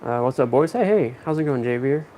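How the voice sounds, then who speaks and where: In a low-quality recording with a little hiss or hum, a young male vlogger and parrot owner talks to camera at home at medium pitch, expressive and brisk with a dark tone. His chat is relaxed, and now and then he spells a word out one letter at a time.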